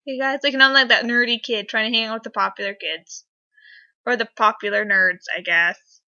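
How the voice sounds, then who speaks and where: A young woman vlogger telling a story casually, rambling and excitable, full of fillers. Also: on the high side, fairly quick. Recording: dull lo-fi webcam audio.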